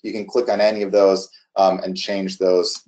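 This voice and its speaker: A man casually walking through a software demo on screen, halting often with restarts and fillers. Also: deep voice, little pitch movement. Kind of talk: casual screen-share walkthrough.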